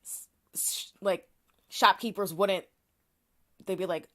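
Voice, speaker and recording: A woman's voice: lowish voice, steady tone, a little slow, sharp tone. A woman co-hosting a podcast, explaining a topic in casual chat with frequent restarts and fillers. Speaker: podcast co-host.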